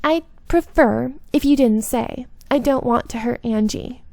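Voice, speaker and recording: A woman voicing a poised lady detective in a visual novel reading, in an oddly pitched put-on voice. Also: unhurried, vocal fry, a little mellow, no echo. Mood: cool.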